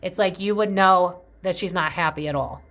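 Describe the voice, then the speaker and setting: A woman's voice: fairly low pitch, normal speed, fairly bright tone. A woman giving a casual psychic tarot reading. She talks in a chatty, profane, speculative way, jumps between tangents and often acts out quoted voices.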